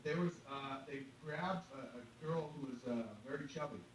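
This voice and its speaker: A man's voice: mid-range voice, normal speed. A man telling a profane comic story on a podcast, swaggering and acting out each side of the dialogue. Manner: animated, swaggering, acts out dialogue. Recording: echoey, distant, faint hiss.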